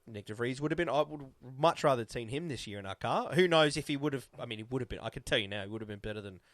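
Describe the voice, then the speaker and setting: A man's voice: medium pitch, animated, fast, a bit bright, no echo. Opinionated man chatting, dry sound. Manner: opinionated, restarts and repeats himself. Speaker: podcast co-host. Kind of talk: casual chat.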